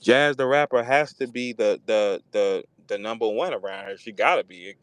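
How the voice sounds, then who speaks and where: Animated profane man hosting a chat. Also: moderate pace, no echo. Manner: animated, profane, acts out quotes in a higher voice. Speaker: host. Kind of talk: casual live audio chat.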